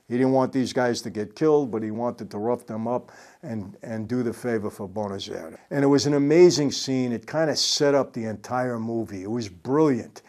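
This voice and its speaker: A man's voice: mid-range voice, moderate pace, a little mellow. Older man casually retelling a film scene. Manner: conversational, storytelling with paraphrased quotes. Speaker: host recounting a film scene. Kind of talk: casual commentary.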